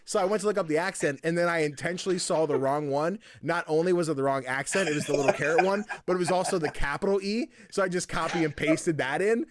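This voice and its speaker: A man hosting a casual podcast, telling stories in an animated, laughing way, with a tired throat. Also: high-pitched, quick pace, hardly any pauses. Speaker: podcast host.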